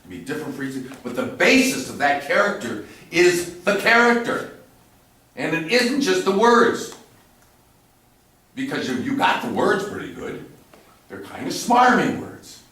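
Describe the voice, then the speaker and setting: A bright, forceful man coaches an actor in rehearsal, blunt and cursing, going from muttering to pressing hard. His voice sits a little high and sounds far off in a very echoey room. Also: big pitch swings, a little slow. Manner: blunt, swearing, swings from quiet to loud pushing. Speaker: theatre director. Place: studio theatre rehearsal room.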